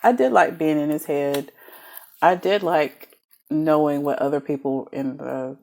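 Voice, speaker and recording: A woman's voice: low-pitched, gravelly. A woman giving a casual, chatty book review, talking animatedly and laughing often between thoughts. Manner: animated, chatty, giggly, many fillers.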